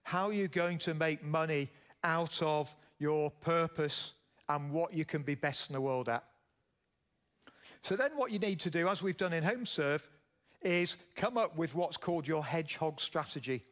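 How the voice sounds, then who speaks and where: A man's voice: on the high side, lively intonation, moderate pace, a bit bright. A middle-aged man from Yorkshire with a Yorkshire accent, giving a conference keynote speech and telling stories as he asks the audience questions. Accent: Yorkshire English. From Yorkshire, England. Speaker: keynote speaker, business founder. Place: conference stage.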